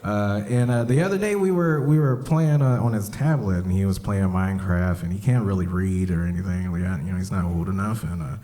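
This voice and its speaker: A man's voice: deep voice, brisk, few pauses, warm tone. A man doing a stand-up set in a comedy club, laid-back and profane, acting out the voices in his stories. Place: comedy club stage, live crowd.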